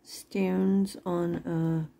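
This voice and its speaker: A middle-aged woman chats her way through a jewelry sale in an unhurried, low voice. Her tone is mellow and soft-edged, and she laughs often as she rambles. A faint hiss sits under the recording. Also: level tone, gravelly. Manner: chatty and rambling, laughs often, swears then apologizes. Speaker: online jewelry seller. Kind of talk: casual live-sale chat.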